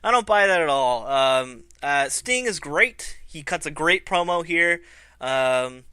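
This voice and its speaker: A man's voice: on the high side, expressive, takes it slowly, sharp tone, clear, resonant tone, no room sound. A man hosting a casual review vlog, loose and laughing, swearing freely. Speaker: vlog host.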